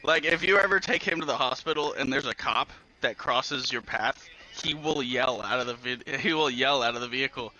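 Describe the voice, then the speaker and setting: A man's voice: medium pitch, a little fast, bright, forceful tone, rough recording. A man chatting casually while playing a video game, laughing often and swearing freely as he tells stories. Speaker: gaming channel co-host. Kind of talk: casual let's-play chat.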